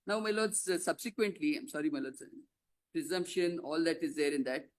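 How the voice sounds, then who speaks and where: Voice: mid-range voice, animated, a little fast. An advocate making a formal courtroom argument, pressing rhetorical questions and repeatedly addressing the bench as "my lords".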